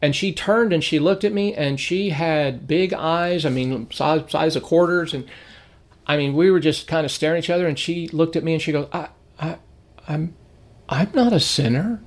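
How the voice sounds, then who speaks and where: A man's voice: a little high, normal speed. A middle-aged man teaching an informal Bible lesson, telling stories in a conversational way and acting out the people he quotes.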